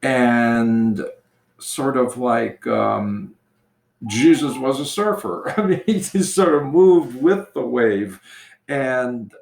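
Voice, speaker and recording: Priest guy with a gravelly voice, slow gentle storytelling, echoey room. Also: mid-range voice, expressive. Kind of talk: casual conversation, storytelling.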